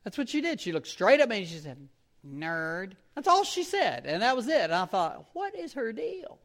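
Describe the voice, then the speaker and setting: A man with a notably high voice delivers a sermon, half teaching and half telling stories. He lingers on key phrases, repeating them slowly for weight. Between points he chuckles and drops casual fillers. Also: huge pitch swings, a bit bright. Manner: conversational storytelling with fillers. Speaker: preacher.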